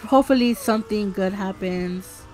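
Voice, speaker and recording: A young woman hosting a game video, chatting excitedly and gasping at every surprise. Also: medium pitch, normal speed. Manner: excitable, gasping, easily startled. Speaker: gaming video host. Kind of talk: roleplay gameplay commentary. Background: spooky background music.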